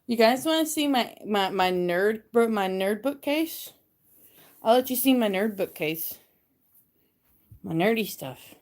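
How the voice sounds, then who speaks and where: A woman with a mid-range voice chats casually into her phone camera on a livestream from her messy bedroom. She talks at a measured pace with long pauses, yet rambles and gets hyper and excitable.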